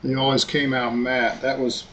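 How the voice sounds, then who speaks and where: A man giving a relaxed live-stream workshop demonstration while he works, thinking aloud as he goes. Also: mid-range voice, moderate pace. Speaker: model-making instructor. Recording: noisy workshop recording.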